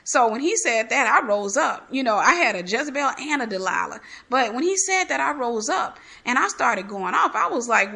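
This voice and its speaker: High, bright-voiced woman testifying. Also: normal speed, few pauses. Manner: animated, candid, acts out dialogue. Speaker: ministry host giving testimony. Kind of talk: testimony storytelling.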